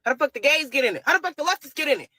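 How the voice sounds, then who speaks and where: A woman's voice: sits high, lively intonation, racing, bright, forceful tone, dry recording, rough recording. A woman ranting in a social media clip, firing off profane rhetorical questions.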